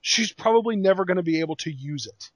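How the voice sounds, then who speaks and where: A man co-hosting a casual podcast, recapping in an exasperated way with plenty of rhetorical questions. His voice sits a little high and sounds dry and close, with no room echo. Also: lively intonation, quick pace. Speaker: podcast co-host. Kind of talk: casual wrestling podcast chat.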